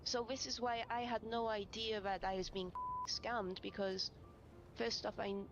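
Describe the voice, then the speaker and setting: A woman recounting a personal story in an interview, emotional and halting, with many fillers. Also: mid-range voice, flat delivery, lo-fi sound, background noise. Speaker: interviewee in a video.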